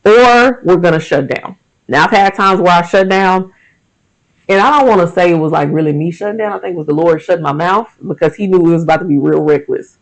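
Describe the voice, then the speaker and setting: Guy in his 30s, podcast host, kinda high voice w some fry, blunt and animated. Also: brisk, poor audio. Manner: candid, emphatic, frank and animated. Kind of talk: casual faith-based monologue.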